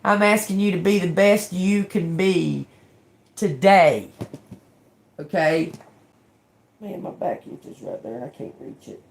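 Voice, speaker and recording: A woman giving a live-stream tarot reading, her voice a touch low and her pace slow and unhurried. She keeps a casual, encouraging tone, ending many lines with "okay?" and often repeating and restarting words. Joking, sarcastic asides run through her talk. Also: creaky. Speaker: tarot reader.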